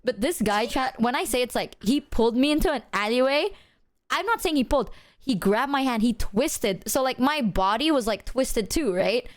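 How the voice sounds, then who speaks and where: A young woman streaming, her voice sitting a little high and recorded dry and close. She tells her story to chat loosely and animatedly. Fillers and casual swearing spill out as she goes. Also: animated, moderate pace, dry recording.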